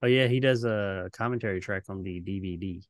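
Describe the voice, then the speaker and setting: A man's voice: sits low, a little fast, no room sound. Man, podcast co-host, casual joking chat, dry close mic. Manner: joking, laughs often.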